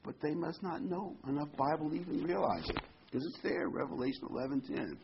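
A man's voice: fairly high pitch, a little fast, creaky, very noisy. A man preaching a conversational sermon, stressing points by repeating phrases. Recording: dull lo-fi recording.

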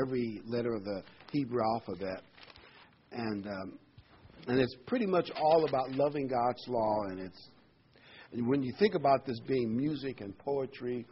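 A man preaches a sermon in a chatty way, full of fillers and rhetorical questions. His voice sits at an ordinary pitch. The recording sounds a bit dull, with faint hiss under it. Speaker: pastor.

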